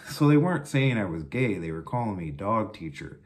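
A middle-aged man telling a funny teaching story to his viewers in a casual chat, getting animated as he goes. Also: moderate pace. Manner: animated, jumps high when quoting kids. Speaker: vlogger.

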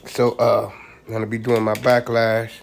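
A man's voice: fairly low pitch, monotone, normal speed, gravelly, a little hiss or hum. A man, casually showing his home cooking and talking to viewers as "y'all". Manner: laid-back, talks to viewers as "y'all". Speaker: home cook vlogger. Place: home kitchen. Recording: roomy kitchen with faint background ambience.

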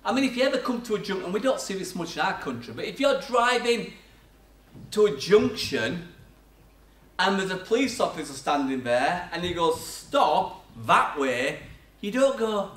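A man's voice: high voice, big pitch swings, moderate pace. Older man preaching in an echoey church. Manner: chatty storytelling with self-mocking laughs. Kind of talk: sermon. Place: church hall. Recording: echoey church sound from far off.

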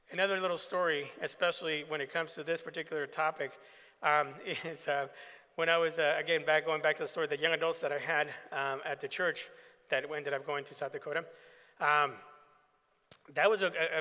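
Man, pastor, keynote storytelling, fairly high voice, bright and forceful, long reverb in a big hall. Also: steady tone, brisk. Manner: anecdotal, acts out quoted dialogue. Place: large assembly hall.

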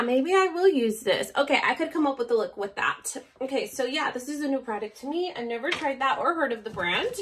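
A beauty vlogger, a native Spanish speaker with a Spanish accent, unboxes beauty products in a high-pitched, fairly bright voice. She chats casually and gushingly, bubbly and laughing often.

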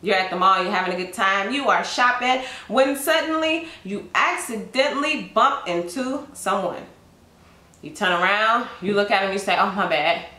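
A woman's voice: medium pitch, normal speed, bright, forceful tone. A woman giving a tarot reading, speaking straight to the listener and telling it as a story. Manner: addresses the listener directly, storytelling. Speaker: tarot reader. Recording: roomy echo.

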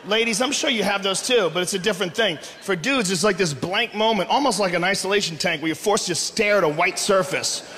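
A man's voice: high-pitched, a little fast. A man doing a profane, ranting live stand-up set on a theater stage with a handheld mic. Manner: loud, ranting, profane delivery. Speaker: stand-up comedian. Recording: echoey live theater with crowd noise.

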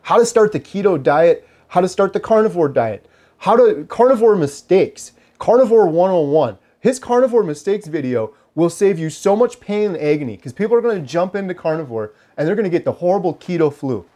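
A man's voice: high-pitched, expressive, a little fast, few pauses, dark tone. A man in his forties talking casually to camera in an earnest, preachy, motivational way, often repeating phrases for emphasis. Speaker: lifestyle vlogger.

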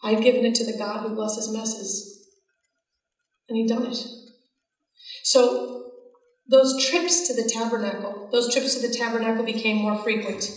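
A woman's voice: fairly high pitch, steady tone, unhurried, pauses often. A woman giving a personal faith testimony, telling her story earnestly and acting out the lines she quotes. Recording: echoey hall from far off.

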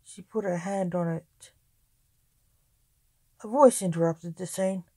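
A woman storyteller narrating her own tale in a calm, even reading voice. She reads slowly with a dark, mellow tone, and the recording is close and dry. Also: on the low side, no echo.

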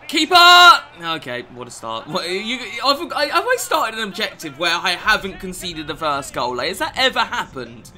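A young man commenting on his own football video game match, moving from quiet mutters to furious, swearing shouts. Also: high-pitched, very animated, normal speed, hardly any pauses. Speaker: gaming YouTuber. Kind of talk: live gameplay commentary.

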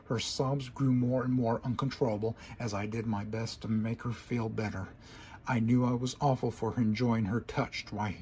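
A man's voice: mid-range voice, a little mellow, slight background noise. A man reading a first-person fan story aloud in an earnest, dramatic way. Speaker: story reader.

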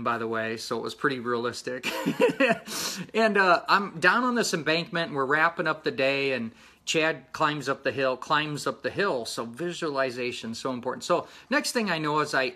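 A man hosting a casual personal vlog, talking earnestly in a rambling, halting way with many fillers. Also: medium pitch, sharp tone. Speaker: motorcycle channel host.

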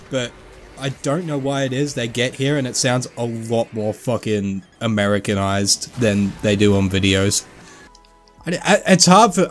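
Aussie guy, light accent, chill sweary gaming banter, mid pitch. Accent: Australian, mild. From Australia. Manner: relaxed and sweary, laughs often. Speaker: gaming YouTuber. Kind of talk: casual chat while gaming.

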